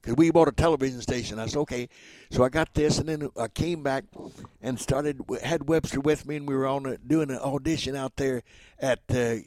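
A man's voice: mid-range voice, steady tone, brisk, a little mellow, a little hiss or hum. An older man, a ventriloquist and entertainer, telling folksy, rambling stories in an interview, repeating words and chuckling. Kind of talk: interview storytelling.

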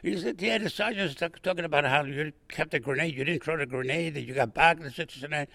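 An older man from Brooklyn, a veteran guest, telling a war story in a rambling, animated way and acting out the voices in it. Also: a little high, fairly quick, no room sound. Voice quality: gravelly, husky. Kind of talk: oral history storytelling.

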